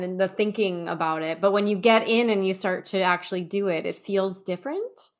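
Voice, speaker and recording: A woman's voice: mid-range voice, moderate pace, few pauses. Upbeat woman podcast host, often laughing. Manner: enthusiastic, laughs often, emphatic. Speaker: podcast host and career transition coach. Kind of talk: casual podcast conversation.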